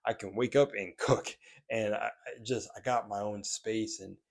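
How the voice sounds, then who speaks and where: A young man with a somewhat low voice and a slight lisp talks straight to camera in a casual vlog. He is earnest and candid, swears now and then, and often restarts his sentences. He is speaking from a room in his own apartment. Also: fairly even intonation, measured pace, vocal fry. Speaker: spiritual vlogger.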